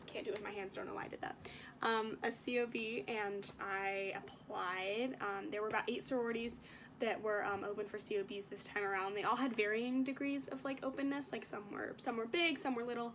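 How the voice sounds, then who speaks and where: A woman's voice: medium pitch, steady tone, a little fast, a bit bright, a little hiss or hum. A young woman vlogging in a casual, chatty way, sick and coughing now and then, with lots of fillers as she tells an emotional story. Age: young adult. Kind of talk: casual vlog chat.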